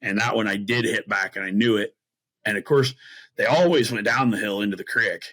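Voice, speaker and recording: Man, middle-aged, low voice, bright forceful tone, animated storytelling, podcast guest. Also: brisk, poor audio. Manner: animated storyteller acting out his own reactions, many fillers. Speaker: podcast guest, bowhunter and string maker. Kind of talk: casual storytelling interview.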